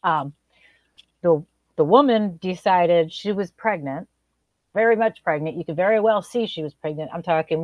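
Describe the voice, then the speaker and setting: A woman co-host tells her stories in a relaxed chat. Her delivery is animated and incredulous, and her pitch leaps up when something shocks her. The sound is dry and close. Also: no echo, dull audio. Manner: animated, incredulous storytelling with big pitch jumps. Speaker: podcast co-host. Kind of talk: casual chat.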